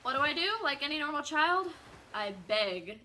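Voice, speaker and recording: A woman telling a casual, animated story while playing a video game, chatty and theatrical. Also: high voice, moderate pace, slight background noise. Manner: chatty, animated, self-described drama kid. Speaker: gaming streamer.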